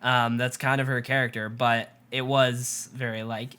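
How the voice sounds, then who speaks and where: A woman co-hosting a casual TV recap chat, retelling scenes with lively quoted asides. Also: extremely low pitch, measured pace, clean tone. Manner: chatty, animated retelling with quoted asides and laughs. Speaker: podcast co-host.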